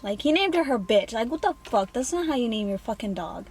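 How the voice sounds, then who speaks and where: A woman's voice: mid-range voice, animated, moderate pace, a little mellow, a little hiss or hum. A young woman in a casual vlog, talking candidly and profanely with many fillers. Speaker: vlogger. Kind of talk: casual get-to-know-me vlog.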